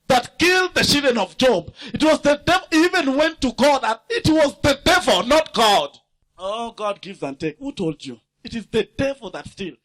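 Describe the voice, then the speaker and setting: A man preaching a fiery sermon. He swings from shouts to low asides and asks the congregation to finish his lines. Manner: asks the congregation to fill in words.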